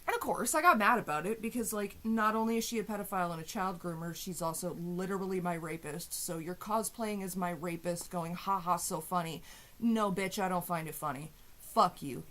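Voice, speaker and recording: A woman's voice: lowish voice, brisk, few pauses, a bit bright. A woman venting to her viewers in a heated, profane and sarcastic rant. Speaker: vlogger. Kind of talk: angry rant to camera.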